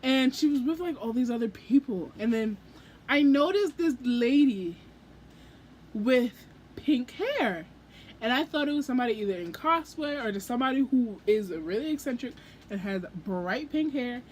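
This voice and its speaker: A young adult woman telling a story in a casual book vlog, gushing and excitable, acting out her own reactions as she goes. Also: fairly high pitch, normal speed, slight background noise. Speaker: book vlogger.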